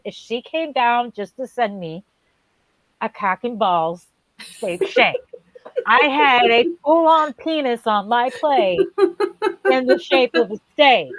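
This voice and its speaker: Lively high-voiced woman telling a story. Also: dry recording, poor audio. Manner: animated storyteller, swears freely, acts out voices. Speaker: co-host. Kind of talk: casual chat, storytelling.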